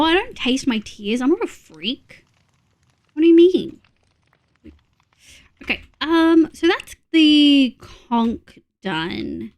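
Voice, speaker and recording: Brief: Australian woman, streamer, chatty and sweary, voice a touch high. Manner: chatty, swears freely, giggly. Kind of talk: casual live-stream chat.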